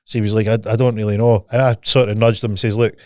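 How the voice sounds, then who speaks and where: A man's voice: on the low side, fast talker, no room sound, studio quality. A Scottish man co-hosting a podcast, telling stories in casual chat, swearing freely and acting out both sides of a conversation. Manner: animated storyteller, swears freely, acts out dialogue. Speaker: podcast co-host.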